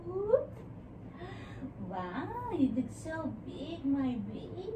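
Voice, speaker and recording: A woman's voice: high-pitched, wildly swooping pitch, extremely slow, recorded from a distance, narrow, tinny audio. A woman filming a home vlog, talking to her baby in soothing, coaxing, sing-song baby talk. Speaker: mother. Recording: echoey room with background noise.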